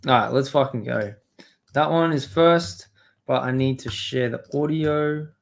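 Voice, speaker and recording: A man's voice: mid-range voice, measured pace, gravelly. A man hosting a live stream, rambling and swearing as he reads and answers his chat. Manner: rambling, profane, talks to chat. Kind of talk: casual live-stream commentary.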